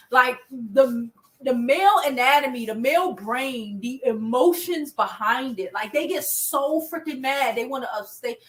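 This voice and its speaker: A woman's voice: high-pitched, a bit bright, recorded from a distance. A woman host giving casual, rambling commentary with exclamations. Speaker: host reacting to a clip.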